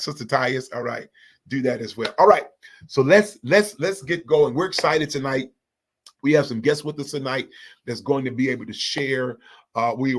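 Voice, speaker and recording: A man's voice: mid-range voice, fairly bright tone. A man hosting a church organization's live online chat, energetically calling out viewers by name and blessing them. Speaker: livestream host of a church organization. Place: Indianapolis.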